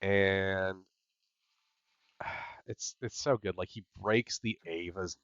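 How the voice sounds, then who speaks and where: A man's voice: low-pitched, slow pace, a bit bright, clear, resonant tone, no echo, dull audio. A man hosting a podcast recap, chatting casually with lots of "like" and "yep" fillers. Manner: filler-heavy, repeats "yep" and "like". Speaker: podcast host.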